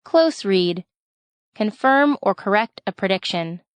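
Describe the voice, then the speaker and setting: A woman reads a school lesson aloud in a clear, instructional way, with a mid-pitched voice. The recording is dry and close, with no room sound. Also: expressive, takes it slowly, dry recording. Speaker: reader of a school reading lesson. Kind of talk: reading a story aloud with lesson prompts.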